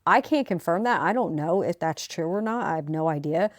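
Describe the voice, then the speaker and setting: Low-voiced woman recapping court news. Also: fairly quick, no echo, studio quality. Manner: chatty, animated retelling with quoted voices. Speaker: true crime commentator. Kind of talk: casual recap vlog.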